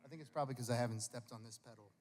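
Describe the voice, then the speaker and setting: A man's voice: medium pitch, very fast, a little mellow. Rambling, self-mocking man on a reverberant stage. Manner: chatty, self-mocking, swears casually. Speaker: guest singer-songwriter. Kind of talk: rambling onstage anecdote. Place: live concert stage. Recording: long hall reverb, faint guitar.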